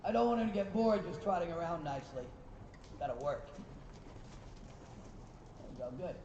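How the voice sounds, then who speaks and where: A high-pitched, animated riding instructor teaches at a moderate pace with long pauses, his tone a little mellow, praising horses and correcting riders. Recorded from far away in the arena, it's distant, echoey and dull, with a little hiss or hum.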